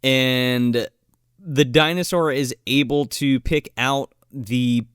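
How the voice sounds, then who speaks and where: A man's voice: medium pitch, slow, clean tone, dry recording, clean studio sound. A man co-hosting a casual movie review chat, swearing freely and acting out scenes. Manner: profane, animated, acts out scenes in loud voices. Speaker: podcast co-host.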